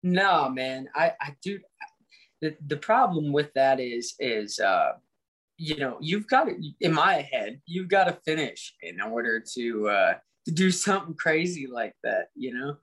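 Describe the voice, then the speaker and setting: A man around thirty from Indiana, a fighter chatting as a podcast guest, energetic and rambling with many fillers and restarts. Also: medium pitch, a little slow, slightly rough. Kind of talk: casual podcast chat.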